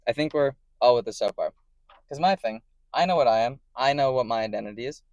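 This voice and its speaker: A man's voice: mid-range voice, a little fast, a little mellow, dry recording, dull audio. Rambling man talking to camera. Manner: rambling and self-correcting, often checking in with "right?". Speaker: vlogger. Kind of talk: casual explanatory monologue.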